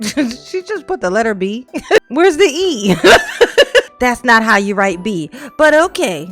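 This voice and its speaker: A woman's voice: fairly high pitch, big pitch swings, slow pace, pauses often, fairly bright tone, soft background music. A woman host giving casual, sarcastic commentary as she reads a letter aloud, laughing often and firing off rhetorical questions. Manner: mocking, laughs often, reads lines aloud then reacts; colloquial and chatty, asks rhetorical questions. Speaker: channel host reading and reacting to a letter.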